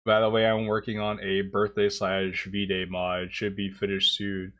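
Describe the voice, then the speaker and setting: A man's voice: lowish voice, completely flat delivery, measured pace, a bit bright, soft background music. A man streaming a game, joking in slangy casual commentary and laughing often. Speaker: gaming streamer. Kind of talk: casual commentary while playing.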